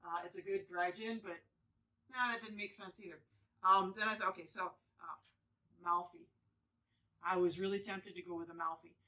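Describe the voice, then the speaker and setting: Casual home vlogger, female, bright tone, meandering chatty delivery, slightly distant mic. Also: lowish voice, steady tone, normal speed, long pauses. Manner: rambling, many fillers and restarts. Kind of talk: casual chat to camera.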